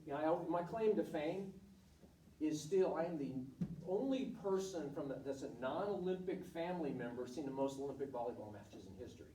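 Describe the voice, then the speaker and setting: A man's voice: fairly high pitch, brisk, warm tone, recorded from a distance, a little hiss or hum. Blunt man in an echoey room. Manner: candid, blunt, storytelling with acted quotes. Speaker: volleyball coach giving a talk. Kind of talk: informal presentation to students.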